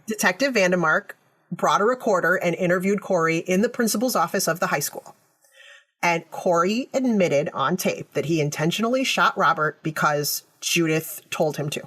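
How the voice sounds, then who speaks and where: A woman's voice: fairly low pitch, expressive, normal speed, fairly bright tone, slightly rough. A woman hosting a podcast, casually recounting a true-crime case to her co-host and often checking in with "right?". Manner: storytelling, reads quotes aloud, frequent "right?".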